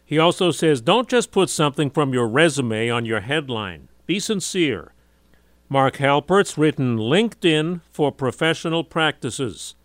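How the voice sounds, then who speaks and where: A man's voice: a little high, animated, measured pace, no echo. Man reading a radio business report. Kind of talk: scripted news report.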